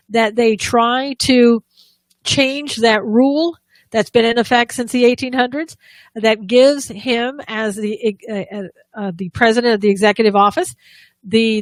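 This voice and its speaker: A woman's voice: fairly high pitch, no echo. Woman giving opinionated political commentary, dry sound. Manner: talks in restarts and fillers, sarcastic asides. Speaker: co-host of a political talk show.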